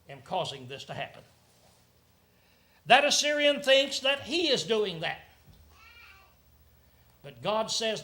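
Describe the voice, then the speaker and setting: A man preaching a sermon, often clearing his throat and asking his listeners rhetorical questions. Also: high voice, sharp tone.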